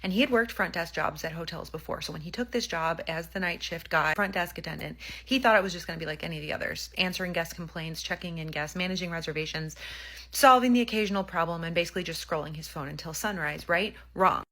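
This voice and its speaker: A woman's voice: lowish voice, fast talker, bright, forceful tone. A woman telling a creepy hotel story in a casual, chatty way, acting out the people's lines with lots of fillers. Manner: chatty retelling with quoted voices and "like" fillers.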